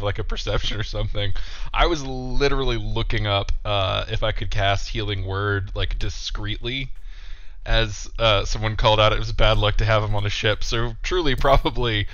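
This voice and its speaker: Bright, rambling male player, dull dry mic. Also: lowish voice, fairly even intonation, normal speed, no echo. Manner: rambling, hesitant.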